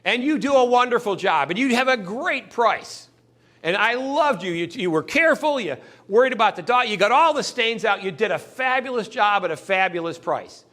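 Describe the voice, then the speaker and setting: A man's voice: high voice, moderate pace. A man giving a motivational sales training talk, acting out customers and salespeople in little scenes. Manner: animated, acts out customers' voices in little scenes.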